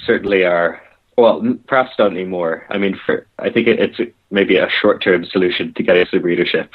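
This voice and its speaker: A man's voice: low-pitched, slightly rough. A man co-hosting a casual podcast chat with wry, self-deprecating humor. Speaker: podcast co-host. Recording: tinny phone-like line.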